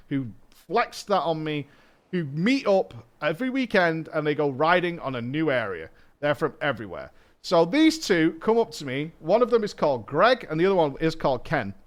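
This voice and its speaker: Animated swearing man telling a story. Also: high voice. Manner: animated, swearing, mimics people in his story. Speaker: streamer host. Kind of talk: casual storytelling chat. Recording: faint music underneath.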